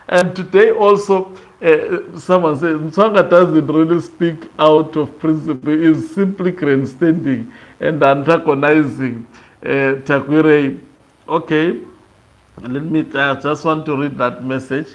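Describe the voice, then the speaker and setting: A man talks through political commentary in a loose, conversational way. His voice sits a little high for a man. He stops and restarts often and fills the gaps with "uh". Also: fairly even intonation, unhurried. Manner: loose and conversational, many fillers and restarts, laughs in between.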